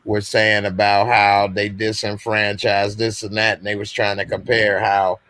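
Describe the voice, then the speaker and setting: A man's voice: on the low side, monotone, measured pace, a bit bright, no echo. A man hosting a live call-in stream, talking in a loose, conversational way and going on at length. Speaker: host. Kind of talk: casual call-in chat.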